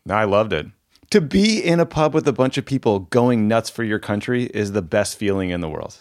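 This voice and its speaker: A man co-hosting a casual podcast, relaxed and agreeable as he chats. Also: lowish voice, brisk. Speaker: podcast co-host.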